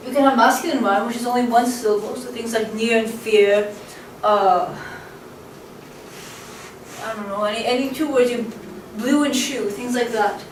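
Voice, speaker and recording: In a room with a camcorder, a woman teaches poetry in a relaxed lecture, her higher-pitched voice picked up from a distance. She chats along with plenty of ums and uhs and sounds out stress patterns by tapping them. The room echoes and a faint hum sits underneath.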